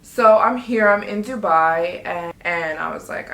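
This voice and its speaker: A chatty, excitable woman tells a story to her vlog audience, slipping into quotes of what she said. Her voice sits on the low side, and the room around her rings with echo. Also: normal speed, hardly any pauses, slight background noise. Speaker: travel vlogger. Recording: echoey room.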